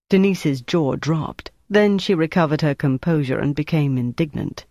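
A man reading a novel aloud as narrator, in a steady, even way. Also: a little high, normal speed, few pauses, no room sound, clean studio sound. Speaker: audiobook narrator. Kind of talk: scripted narration.

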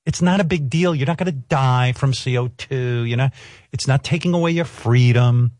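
A man's voice: medium pitch, normal speed, a little mellow, no room sound. A male comedian ranting in an exasperated, sarcastic way, swearing constantly as he reacts to a clip. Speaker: comedian and show host. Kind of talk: profane comic rant.

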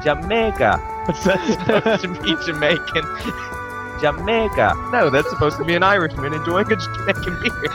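A man's voice: high voice, fairly quick, hardly any pauses, music in the background. A married man in casual banter, playful and teasing. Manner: playful, teasing, mock accents. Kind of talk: casual group chat.

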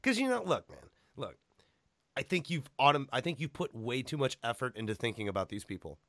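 A man hosting a podcast in casual chat, excitable and joking, swearing freely. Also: mid-range voice, brisk, dry recording, clean studio sound. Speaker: podcast host.

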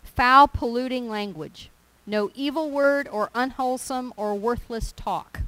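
A woman preaching a sermon, earnest and emphatic, slowing down to stress scripture. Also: on the high side, fairly bright tone, poor audio.

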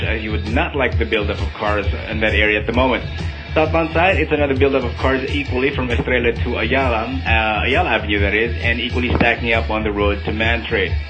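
Man reading a radio traffic report. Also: mid-range voice. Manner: chatty, fills with ums and uhs. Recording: dull lo-fi radio broadcast sound with music underneath.

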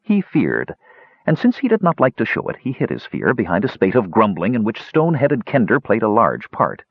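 A man reading a fantasy story aloud in an expressive storytelling manner. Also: on the low side, normal speed, breathy edge, no echo. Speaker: audiobook narrator. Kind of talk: scripted fantasy narration. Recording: slightly dull lo-fi recording.

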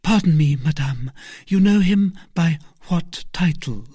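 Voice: mid-range voice, expressive, a little slow, dark tone, husky, no echo, clean studio sound, pitched above the performer's own voice. A reader voicing an earnest young novice nun in a storybook reading, with a raised, eager character voice. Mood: jealous.

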